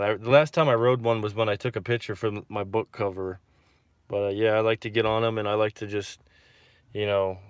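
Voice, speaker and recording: A man's voice: fairly low pitch, smooth, no echo. A man from Texas hosting a casual livestream and reading out viewer comments, rambling and repeating himself with lots of fillers.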